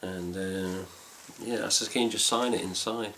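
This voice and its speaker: A man's voice: sits low, fairly even intonation, moderate pace, fairly bright tone, a little hiss or hum. A man with an English accent chatting casually to camera about a trip, rambling with fillers and mild swearing. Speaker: fan site vlogger. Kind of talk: casual chat.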